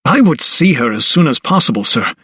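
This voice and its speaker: A man's voice: mid-range voice, very animated, a little fast, bright, forceful tone, husky, dry recording, studio quality, heavily acted. A man voicing a young male doctor who is earnest and agitated, speaking with urgent strain in an audiobook.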